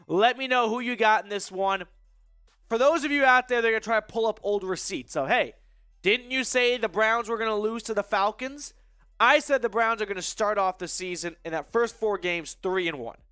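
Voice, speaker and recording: A man's voice: sits high, clear, resonant tone, no echo, clean studio sound. A young man hosting a live sports talk stream, chatty and upbeat, with a stuffy, nasal voice from a cold. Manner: upbeat, chatty, shouts out viewers. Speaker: sports show host.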